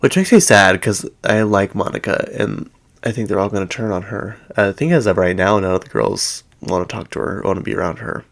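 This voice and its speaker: Man, very low voice with fry, casual gossip host recapping reality shows, loose and rambling. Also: fairly quick. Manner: chatty, rambling, heavy use of "like". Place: at home.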